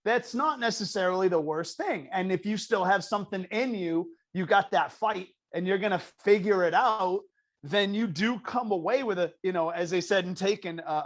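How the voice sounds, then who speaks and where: A man from New Hampshire, a comedian guest on a podcast, telling a story in casual chat and acting out the quoted voices, swearing freely. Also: high-pitched. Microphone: video call.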